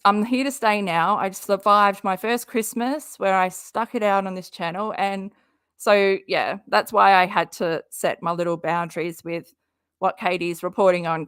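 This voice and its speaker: Chatty Australian woman, slow and dry. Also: mid-range voice, no echo. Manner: chatty, laughs often, uses slang. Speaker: livestream host. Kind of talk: casual livestream chat.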